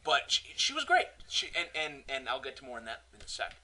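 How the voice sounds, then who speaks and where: A man's voice: medium pitch, wildly swooping pitch, fast talker, noisy background. A young man co-hosting a podcast, telling a long story in a rambling, stammering way with many repeated words. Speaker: podcast co-host. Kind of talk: casual chat.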